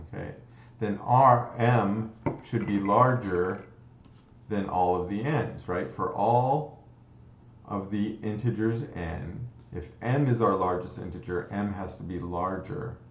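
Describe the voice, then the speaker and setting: A man's voice: lowish voice, darkish tone, slight background noise. A man teaching a computer science lecture, explaining step by step, restarting phrases and checking in with "okay?". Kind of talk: recorded lecture. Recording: dull, roomy lecture recording.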